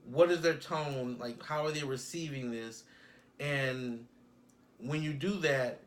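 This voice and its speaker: A man's voice: medium pitch, takes it slowly. A man co-hosting a podcast, rambling through ideas in casual chat and acting out little scenes. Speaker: podcast co-host.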